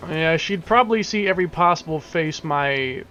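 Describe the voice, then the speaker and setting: A man's voice: fairly high pitch, moderate pace, pushed and bright, lo-fi sound. A young man streaming a game, chatting casually, swearing and joking back at his chat. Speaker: gaming streamer. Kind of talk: casual profane gameplay commentary.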